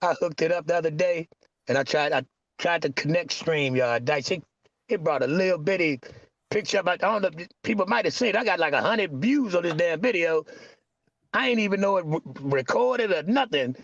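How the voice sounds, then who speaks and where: A man's voice: on the high side, animated, brisk, no room sound, muffled recording. A middle-aged man talking casually, stammering and rambling with frustration. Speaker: podcast guest. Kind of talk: casual chat.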